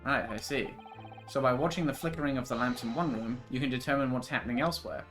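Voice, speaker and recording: An earnest young law student asks careful questions, as a man reads him. The voice is plain and mid-pitched. Light music sits behind it. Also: fast talker, a bit bright, natural voice. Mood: curious.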